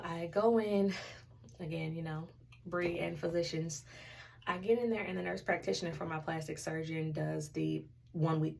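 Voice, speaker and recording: A woman's voice: on the low side, creaky, distant mic, slight background noise. A young woman casually telling a candid story in a vlog, acting out the other people in her story. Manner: chatty, candid, animated retelling with quoted dialogue. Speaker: vlogger.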